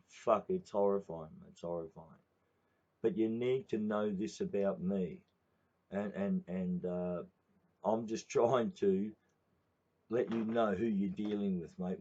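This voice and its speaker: A man's voice: deep voice, dark tone, a little hiss or hum. An older man with an Australian accent telling a rambling, profane story in casual talk, calling the listener mate. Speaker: union organiser. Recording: dull lo-fi recording.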